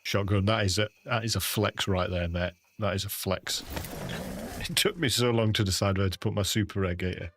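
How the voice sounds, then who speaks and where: Gravelly English man streaming a game. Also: fairly low pitch, normal speed, noisy background. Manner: chatty, laughs often, calls viewers "mate". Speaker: gaming livestreamer. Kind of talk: casual livestream commentary.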